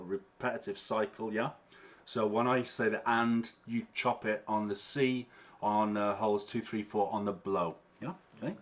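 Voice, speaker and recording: A man teaching harmonica in an online workshop, chatty and relaxed, checking in with the class with a frequent "yeah?" as he explains. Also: lowish voice, moderate pace. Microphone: online stream with latency. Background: guitar playing.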